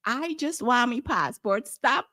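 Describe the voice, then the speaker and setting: A woman's voice: a little high, unhurried, dry recording, clean studio sound. A woman with a Guyanese accent, telling a story in casual talk and acting out the voices of the people in it. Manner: animated, acts out quoted voices. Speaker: guest.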